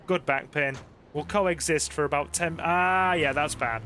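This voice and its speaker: A man's voice: on the high side, unhurried, pushed and bright, slight background noise. A man giving casual let's-play commentary, chatty and joking, swearing casually and talking to his viewers. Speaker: gaming channel host.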